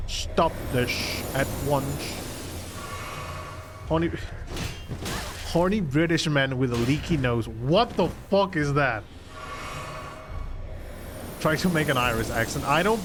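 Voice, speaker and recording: In a casual live stream, a man whose first language is Spanish talks to viewers while gaming, rambling and somewhat self-conscious. His voice is fairly high, and background noise is audible.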